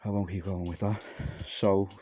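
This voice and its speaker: A man's voice: sits low, level tone, moderate pace, mellow, no echo. A man from Armenia talking to camera in a rambling solo monologue, jumpy and disjointed, trailing off mid-thought. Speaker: vlogger.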